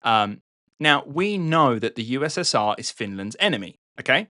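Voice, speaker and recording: A man's voice: mid-range voice, big pitch swings, normal speed, pushed and bright, no room sound, studio quality. A man hosting a podcast, telling a war history story in a casual, chatty way, swearing and tagging lines with "right?". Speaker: podcast host.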